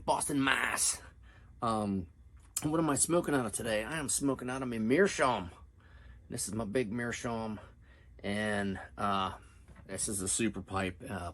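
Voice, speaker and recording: A man's voice: medium pitch, a bit bright. A middle-aged man hosting a pipe-smoking video, chatting casually at home in a rambling, self-deprecating way. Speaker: pipe-smoking channel host. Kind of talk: casual chat to camera. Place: home, downstairs room with family upstairs.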